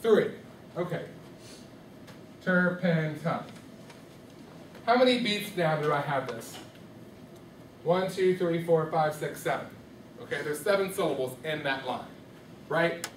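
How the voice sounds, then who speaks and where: A man's voice: a little high, expressive, normal speed, pauses often, a little hiss or hum. A man teaching rhythm to a class, often checking that his students follow along. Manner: questioning, checks understanding often. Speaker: music teacher. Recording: echoey classroom from far off.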